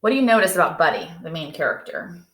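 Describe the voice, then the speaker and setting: A woman's voice: fairly low pitch, fast talker, roomy sound. A woman teacher reading a picture book aloud to children, asking them questions as she goes. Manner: lively, questioning, speaks to children. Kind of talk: read-aloud storytime.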